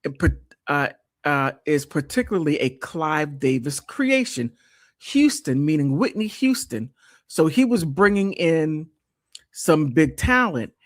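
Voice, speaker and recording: A woman's voice: low-pitched, very animated, measured pace. A woman hosting a live stream, chatting casually and reading from an old article, often exclaiming and restarting her sentences.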